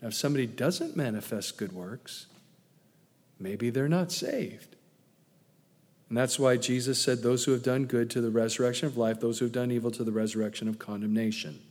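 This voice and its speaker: A man's voice: mid-range voice, normal speed, darkish tone, big-room sound. A man preaching an expository sermon in an earnest, emphatic way, often repeating words and adding asides.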